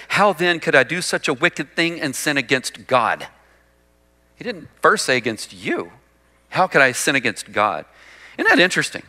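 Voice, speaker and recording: Bright-voiced man preaching a sermon. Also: mid-range voice, big-room sound. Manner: animated preaching, acts out quotes, drops to a hush for emphasis. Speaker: pastor.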